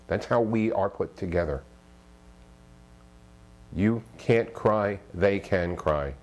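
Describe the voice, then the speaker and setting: A man's voice: low-pitched, a little mellow. A man giving relationship advice straight to the camera as a self-help author, emphatic and preachy, firing off rhetorical questions and tagging "okay?" onto his points. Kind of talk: direct-to-camera advice monologue.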